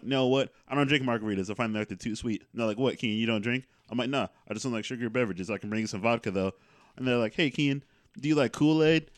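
Low-voiced, fast-talking man. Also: no room sound, studio quality. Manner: stammering restarts, wry. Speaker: podcast co-host. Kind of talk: casual chat.

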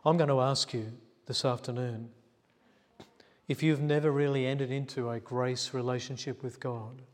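A man's voice: mid-range voice, fairly even intonation, normal speed, darkish tone. A male pastor, telling a story in a sermon and acting out the quotes in a chatty way. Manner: chatty, acts out quotes, laughs at himself. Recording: long church reverb.

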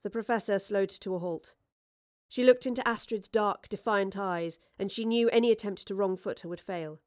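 A woman with a medium-pitched voice narrates an audiobook in a measured, even storytelling manner. The sound is studio quality with no echo.

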